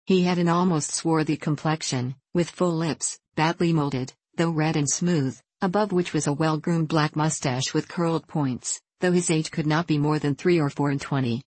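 A woman narrating a classic novel in a measured, even reading. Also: sits low, no echo. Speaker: audiobook narrator. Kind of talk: scripted narration.

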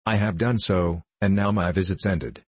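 A man's voice: low-pitched, steady tone, moderate pace, breathy edge, dry recording. A man reading an audiobook, voicing a bitter, scornful young man who speaks defiantly.

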